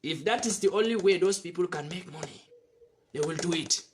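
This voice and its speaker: A man's voice: high voice, a little fast, slight background noise. A man delivering an impassioned, repetitive monologue as an activist commentator, from West Africa. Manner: fiery, repetitive, preaching.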